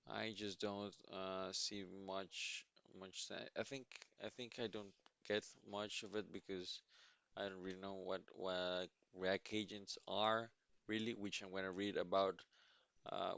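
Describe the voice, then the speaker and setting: A man live-streaming his coding, reading documentation aloud and musing with halting restarts; he sounds sleepy. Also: low-pitched, fairly bright tone, clean tone, no room sound, muffled recording. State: sleepy, yawning. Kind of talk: thinking aloud while reading docs.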